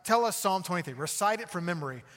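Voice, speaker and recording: A male pastor preaching a sermon conversationally, often asking "okay?" and slowing down to read scripture phrase by phrase. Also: high voice, lively intonation, a bit bright, in a large hall. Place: church sanctuary.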